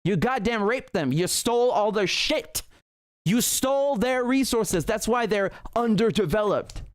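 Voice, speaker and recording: A man hosts a livestream political commentary show, talking in a fairly high voice. He rants heatedly and swears often, restarting his sentences as he goes. The sound is dry and close, with little room echo. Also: lively intonation, unhurried. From Britain. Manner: heated, profane ranting with frequent restarts.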